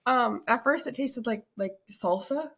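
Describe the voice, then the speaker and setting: Husky woman groaning through hot sauce. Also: a little high, unhurried, a bit bright. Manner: reluctant, groaning, coughing and laughing. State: mouth burning from hot sauce. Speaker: podcast co-host. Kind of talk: casual chat.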